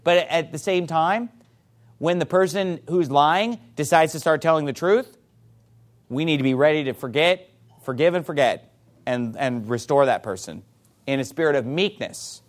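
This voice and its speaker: A pastor preaching a sermon to a congregation, forceful and emphatic, with rhetorical questions. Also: male voice, fairly high pitch, moderate pace.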